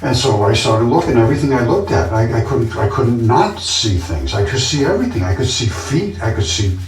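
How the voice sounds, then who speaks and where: A man's voice: mid-range voice, lively intonation, a little fast, music in the background. A man talking in a casual monologue, earnest and insistent, often repeating himself as he tells his story. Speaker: vlogger. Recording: roomy, distant from the mic.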